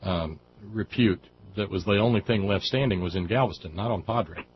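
A man hosts a relaxed radio chat, filling his pauses with uh and um and dropping dry jokes. His voice sits fairly low. The audio is muffled and lo-fi, with a faint hiss behind it. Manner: drawling, filler-heavy, jokey. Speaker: radio host.

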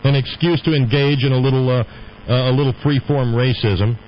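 A man's voice: medium pitch, steady tone, fairly quick, slight background noise. Rambling male radio host, lo-fi sound. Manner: rambling, digressive, opinionated. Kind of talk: casual on-air monologue.

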